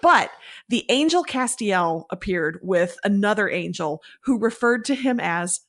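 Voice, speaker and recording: A woman's voice: mid-range voice, animated, a little slow, fairly bright tone. Chatty woman co-hosting a podcast. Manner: enthusiastic and chatty. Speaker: podcast co-host. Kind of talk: casual chat.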